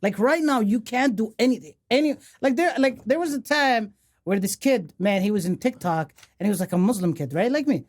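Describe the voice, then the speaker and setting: A woman's voice: on the high side, animated, fairly quick, a little mellow. A woman raised in the Gulf, co-hosting a casual podcast chat as a comedian, rambling with many restarts and fillers. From United Arab Emirates.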